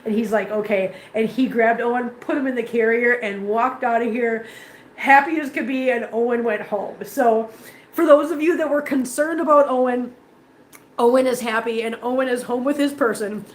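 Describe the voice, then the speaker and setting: A woman's voice: on the high side, normal speed. A woman vlogger who runs a cat rescue, telling a story to her viewers in casual, emotional, chatty talk from an indoor cat room. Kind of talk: casual live-stream chat to viewers. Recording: echoey room with faint ambient noise.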